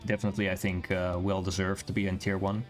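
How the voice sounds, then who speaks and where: Guy with a lowish voice cohosting a gaming stream, rambly, faint guitar music behind. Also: flat delivery, fast talker. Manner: rambling, self-correcting, laughs often. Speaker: league organizer and co-host. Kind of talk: casual stream chat.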